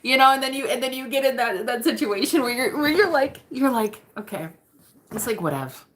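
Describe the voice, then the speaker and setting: This female vlogger's voice sits high, brisk and fairly bright. She chats casually and candidly to her viewers in a confessional way, laughing often and swearing now and then.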